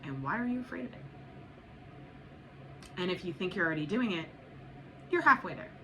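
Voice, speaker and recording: A woman's voice: on the low side, expressive, a little fast, bright, forceful tone. A woman giving a spiritual tarot reading to viewers, blunt and profane, urging and repeating herself. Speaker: tarot reader. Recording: noisy background.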